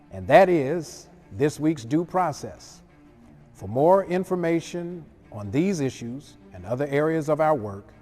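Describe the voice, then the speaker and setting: A man hosting a short scripted commentary segment, reading in a measured, formal way. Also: medium pitch, darkish tone, in a large hall. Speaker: radio commentary host.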